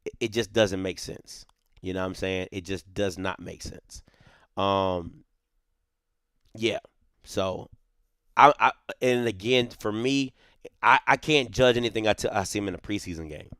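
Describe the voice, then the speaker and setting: A man's voice: fairly low pitch, unhurried, long pauses, a bit bright, smooth, no room sound, clean studio sound. A man hosting a sports show, giving casual, opinionated commentary. He talks emphatically, repeats his points, restarts sentences and often tags them with "right?".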